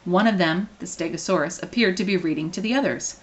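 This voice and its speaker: A woman reading a children's novel aloud, expressive and playful. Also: on the low side, fast. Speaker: reader.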